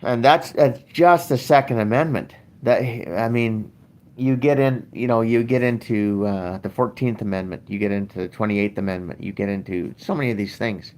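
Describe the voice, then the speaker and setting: A man's voice: lowish voice, moderate pace, a little mellow. An older man, hosting a show and ranting bluntly in casual, profane talk. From Canada. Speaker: podcast host.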